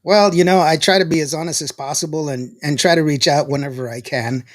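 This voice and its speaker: A man hosts a casual on-air interview, reading out listener greetings and chatting easily with his guests. His voice sits a little high, and the sound is close and dry with no room around it. He laughs often and keeps a relaxed storytelling tone. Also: brisk, no echo. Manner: laughs often, tells stories warmly and reads out listener greetings. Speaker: radio show host.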